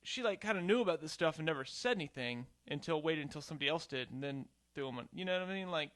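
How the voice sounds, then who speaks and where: A man's voice: fairly high pitch, lively intonation, quick pace, fairly bright tone. A man hosting a podcast from a home garage studio, talking in a loose, rambling way and swearing casually. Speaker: podcast host. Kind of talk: casual chat.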